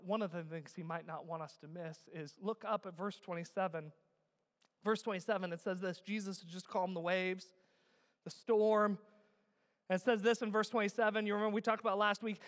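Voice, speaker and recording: A man preaching a sermon, animated and shouting key words for emphasis. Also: high-pitched, fairly quick. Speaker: pastor. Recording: echoey hall with long reverb.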